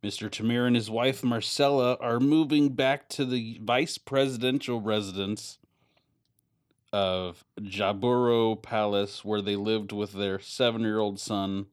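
A man's voice: on the low side, steady tone, a little slow, clean tone, dry recording. A man co-hosting a casual podcast, reading a news story aloud and tripping over words with dry remarks. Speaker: podcast co-host.

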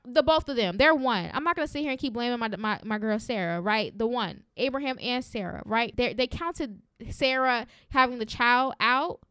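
A woman's voice: on the high side, a bit bright, clear, resonant tone, dry recording, studio quality. A woman hosting a faith-based podcast, encouraging listeners in a fervent, preachy way and often tagging lines with "right?". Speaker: podcast host.

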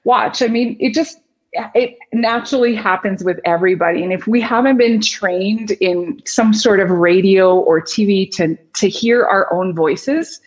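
A woman's voice: mid-range voice, a little slow, muffled recording. A woman guest speaker and communication coach who explains with energy and demonstrates vocal tones as she goes. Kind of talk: instructive interview talk.

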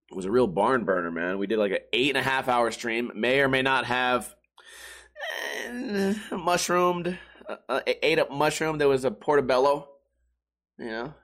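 A man's voice: mid-range voice, fairly bright tone. A young man, a live streamer, talking in a rambling, profane, self-mocking casual monologue.

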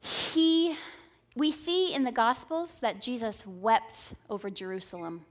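A woman's voice: on the high side, big pitch swings, unhurried. A woman in her thirties preaching a sermon in an earnest, conversational way, often checking in with the listeners. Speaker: speaker at a church service.

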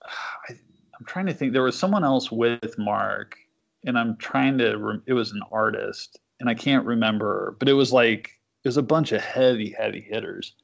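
A man's voice: mid-range voice, fairly even intonation, normal speed, creaky. A man, a comic book writer, chatting casually as a podcast guest and rambling through a story with lots of fillers. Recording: dull lo-fi sound.

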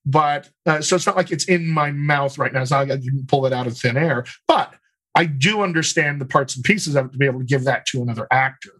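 A man who works as a dialect coach and actor, answering interview questions in a thoughtful, explanatory way, often pausing on "you know" and restarting phrases. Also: mid-range voice, a bit bright, slightly rough.

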